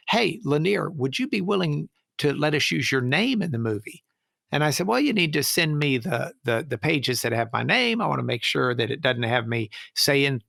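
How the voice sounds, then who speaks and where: A man's voice: mid-range voice, creaky, no room sound, studio quality. A middle-aged man, a trial lawyer, telling stories in an interview and acting out the people he quotes. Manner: animated storyteller, acts out quoted voices. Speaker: trial lawyer, podcast guest. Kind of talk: storytelling interview answer.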